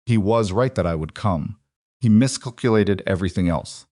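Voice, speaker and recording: A man reading the lines of a weary, guarded grown woman who works as a hotel maid, spoken quietly and without much change from his narrating voice. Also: on the low side, moderate pace, dry recording, studio quality, natural voice.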